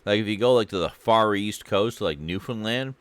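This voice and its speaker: A Canadian man with a very deep, low voice chats while he streams a game. He rambles, swears freely and pokes fun at himself in a loose, casual way. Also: moderate pace, no room sound. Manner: rambling, profane, self-mocking. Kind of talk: casual chat while gaming.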